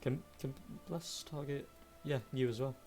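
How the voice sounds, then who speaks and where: A man running a tabletop game in a playful way, his voice sitting at an ordinary middle pitch. He hums and murmurs to himself while checking rules, then narrates the action for the players. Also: steady tone, unhurried, darkish tone, faint music behind. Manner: playful, hums filler sounds while looking things up. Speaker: game master. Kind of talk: narrating a tabletop game over a live stream.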